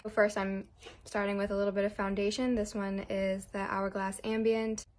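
This is a young woman in her twenties, a model giving a makeup tutorial, whose medium-pitched voice comes out flat at a moderate pace. The vlog is casual and rambling, full of nervous, self-mocking chatter.

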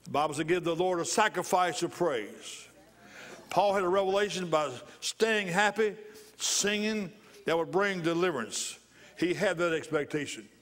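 A man's voice: fairly high pitch, fairly bright tone. A male pastor preaching a sermon in church, repeating phrases for emphasis and bursting into laughter.

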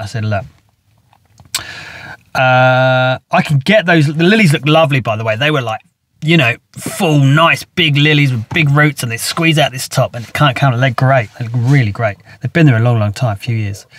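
Chatty gardener, rambling and laughing. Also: male voice, mid-range voice, no echo. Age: middle-aged. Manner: chatty, rambling, self-mocking, often laughing. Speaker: gardener telling work stories. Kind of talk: casual storytelling.

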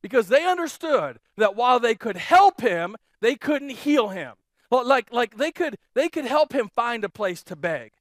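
A man preaching a sermon as pastor, telling stories in a lively way and repeating phrases for emphasis. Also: very high voice, moderate pace, no echo, studio quality. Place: church.

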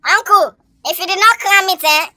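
A woman playing a cheeky, dramatic young schoolgirl in a comedy skit, with a Nigerian accent and a whiny, loud way of talking. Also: very high-pitched, normal speed, dry recording. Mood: pleading, cheeky.

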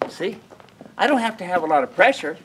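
A man's voice: high-pitched, expressive, brisk, noisy background. A man demonstrating mule halter training outdoors at a ranch, folksy and emphatic, who keeps asking his listeners questions.

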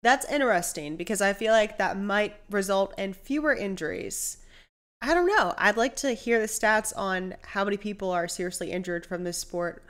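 A young woman hosting a reaction video, thinking aloud in casual commentary with frequent excited exclamations. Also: mid-range voice, moderate pace, hardly any pauses.

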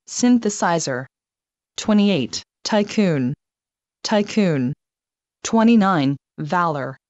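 A woman reading a numbered vocabulary list, saying each word twice in a measured, even way. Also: on the low side, no echo, dull audio.

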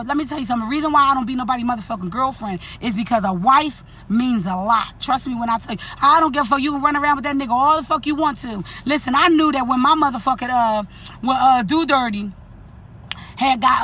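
A woman, stuffy from an allergy cold, telling a profane, animated storytime rant in her daily vlog segment, cussing and laughing at her own story. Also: fairly high pitch, slight background noise. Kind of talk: profane, ranting storytime monologue.

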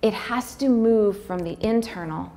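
A woman giving a personal talk, speaking candidly and heartfelt with fillers, sometimes breaking into quick, acted-out dialogue. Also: medium pitch, mellow. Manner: acts out dialogue in quick bursts. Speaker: speaker on pregnancy loss.

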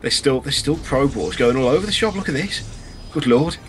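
A man's voice: medium pitch, lively intonation, brisk, slight background noise. A man co-commentating a game match with wry remarks.

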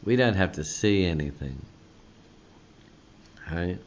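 A male pastor preaching a sermon, slow and emphatic, often tagging on a questioning "hey?". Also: sits low, lively intonation, a little hiss or hum. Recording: dull lo-fi sound.

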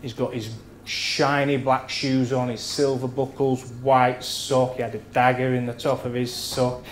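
A man in his thirties spins bawdy after-dinner anecdotes, swearing freely and acting out the people in his stories. His voice sits at a middling pitch. It rings around a roomy function hall over a faint murmur of ambience. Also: little pitch movement, unhurried, slight background noise. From England. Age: 30s.

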